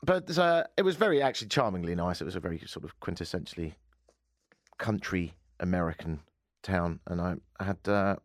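A man's voice: deep voice, expressive, brisk, dry recording. A man from the United Kingdom hosting a casual radio chat show, full of wry, self-mocking sarcastic asides, recorded in a studio. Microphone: studio microphone.

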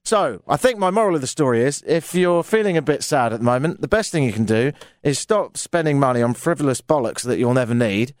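Lively British man, wry radio rant. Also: mid-range voice, a little fast, no room sound, studio quality. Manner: wry, storytelling, exasperated asides. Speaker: radio talk show host. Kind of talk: rambling talk radio monologue. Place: radio studio.

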